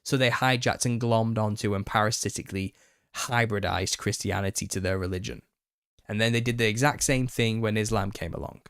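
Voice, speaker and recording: Opinionated man, low dry voice. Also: fairly even intonation, brisk, a bit bright, clear, resonant tone, dry recording. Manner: opinionated, gets worked up and laughs. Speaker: channel host. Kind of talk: live Q&A monologue.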